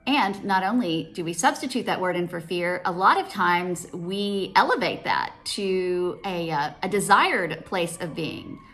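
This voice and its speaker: A woman's voice: lowish voice, animated, unhurried, hardly any pauses, a bit bright. A woman giving a casual devotional talk as a Christian speaker and teacher, conversational, acting out dialogue in quoted voices.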